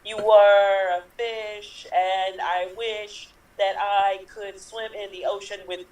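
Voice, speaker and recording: A woman improvising a playful comedy poem, hesitant and unhurried, over a video call. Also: mid-range voice, flat delivery, a little mellow. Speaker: improv performer. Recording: roomy, distant mic.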